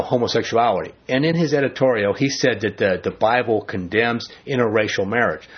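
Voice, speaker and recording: A man's voice: on the low side, breathy edge, muffled recording. A man leading a casual Bible study, talking in a conversational way and acting out the quotes he reads. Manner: animated, conversational, acts out quotes. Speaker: Bible teacher.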